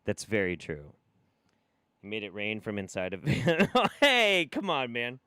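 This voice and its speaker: A man hosting a live stream, giving sarcastic commentary, often laughing and swinging from loud bursts to quiet mutters. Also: on the low side, expressive, unhurried, clear, resonant tone, no room sound, clean studio sound. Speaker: streamer host.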